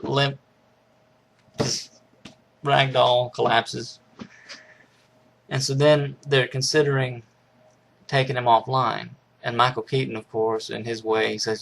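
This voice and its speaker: Man, gravelly voice, casual movie recap, rambling, chuckles, faint background noise. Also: medium pitch, fairly even intonation, measured pace, long pauses, a bit bright. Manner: rambling, with frequent restarts and chuckles. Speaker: movie reviewer.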